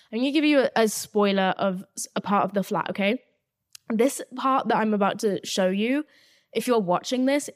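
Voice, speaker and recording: A woman, hosting a casual solo podcast from her flat, talking fast and loosely with lots of filler and swearing. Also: on the high side. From England. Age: 20s. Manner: chatty and animated, swears freely, many "like" fillers. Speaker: podcast host. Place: her new flat, indoors.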